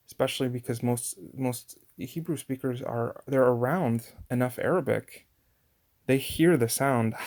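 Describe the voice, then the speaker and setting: A man's voice: medium pitch, gravelly, a little mellow. A man giving a casual language lesson on pronunciation, chatty and full of fillers and restarts. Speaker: language teacher.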